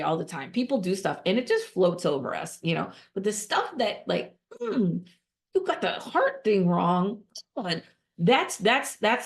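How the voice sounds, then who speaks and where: A woman giving conversational podcast advice as a nonprofit fundraising consultant, emphatic and repetitive, with quick restarts and rhetorical questions. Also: medium pitch.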